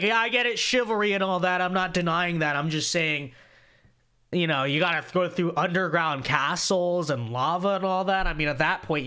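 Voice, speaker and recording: A young man hosting a casual livestream, reading viewer donations aloud in an animated, joking way with frequent restarts. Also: fairly high pitch. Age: young adult. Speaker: show host.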